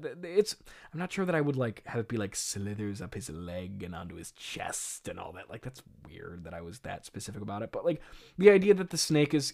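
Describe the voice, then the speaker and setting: A man in the middle of the pitch range, hosting a podcast in casual comedic commentary. He rambles and laughs between thoughts, and his talk is full of fillers and restarts. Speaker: podcast host.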